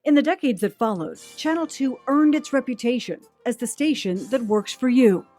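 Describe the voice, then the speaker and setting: Woman tv anchor reading a station history, smooth and measured, bit of music under it. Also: sits high, animated, a little mellow. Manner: measured, polished delivery. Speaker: news anchor. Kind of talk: scripted documentary narration.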